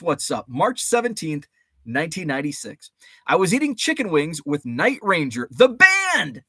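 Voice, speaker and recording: Around forty, this livestream host casually wanders through his memories, calls out chat viewers by name, and swears a little. His voice runs on the high side and a bit bright, captured in clean studio sound with no room sound.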